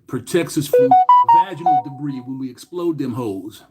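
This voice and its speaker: A middle-aged man hosting a casual livestream, greeting chatters by name loudly and swearing crudely. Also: mid-range voice, normal speed, over loud music. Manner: reads chat names aloud with loud greetings, crude swearing. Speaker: livestream host.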